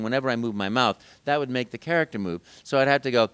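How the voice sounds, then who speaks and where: A man's voice: medium pitch, quick pace, hardly any pauses, clear, resonant tone. A man, a voice actor guest at a game convention, telling stories animatedly in a casual interview. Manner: animated storyteller, slips into character voices.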